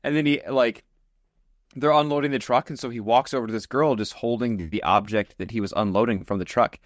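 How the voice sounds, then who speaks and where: A man co-hosting a casual podcast, retelling a story in an animated way. His voice sits at an ordinary pitch for a man. The sound is dry and close, with no room echo. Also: fairly quick. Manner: animated storyteller, acts out scenes. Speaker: podcast co-host.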